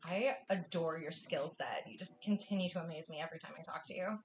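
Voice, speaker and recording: Faint music plays as a fast-talking young woman with a deep voice hosts a live cooking class. Hailing from the US Northwest, she's bubbly and effusive with viewers, gushing often.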